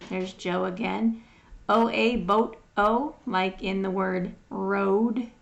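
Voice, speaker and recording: A woman leads a phonics lesson and sounds out each word patiently, one at a time. She talks very slowly, with a gravelly edge to her voice. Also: medium pitch, steady tone, lo-fi sound. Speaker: phonics teacher. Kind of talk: slow phonics lesson reading.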